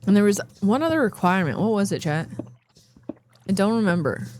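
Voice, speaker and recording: A tired woman streamer rambling and thinking out loud as she plays a game, with playful asides. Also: mid-range voice, big pitch swings, a little fast, a little hiss or hum. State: yawning, tired. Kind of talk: casual gameplay commentary.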